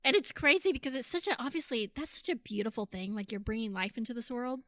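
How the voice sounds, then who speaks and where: A woman co-hosting a podcast, chatting casually and telling animated stories with plenty of swearing. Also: a little high, fast, no room sound, clean studio sound. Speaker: podcast co-host. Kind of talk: casual chat.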